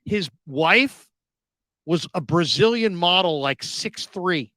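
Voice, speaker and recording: Lively man telling a story in a dry studio. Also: slow, no room sound. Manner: animated, acts out quoted people with sudden loud high outbursts. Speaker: sports radio host. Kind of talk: casual storytelling chat.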